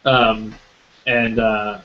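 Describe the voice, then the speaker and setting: A man running a tabletop game as game master, describing scenes with many pauses and restarts. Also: fairly low pitch, flat delivery, muffled recording, a little hiss or hum. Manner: hesitant, many ums and restarts.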